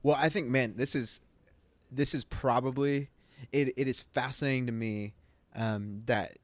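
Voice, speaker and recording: A man's voice: medium pitch, steady tone, a little slow, no room sound. A man co-hosting a casual Bible podcast, telling stories with animation and dropping short affirming murmurs while the other host talks.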